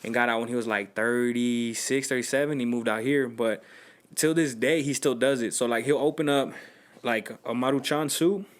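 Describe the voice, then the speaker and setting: A man's voice: medium pitch, fairly even intonation, normal speed. A young man hosting a podcast, telling loose slangy stories in casual chat. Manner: loose slangy storytelling, acts out quotes. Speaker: podcast host.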